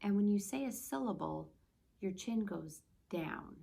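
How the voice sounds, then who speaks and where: A woman teacher giving a remote lesson to young children, speaking slowly and clearly, modeling words and answers for the class. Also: mid-range voice, lively intonation, dark tone. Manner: slow, clearly spoken teacher voice.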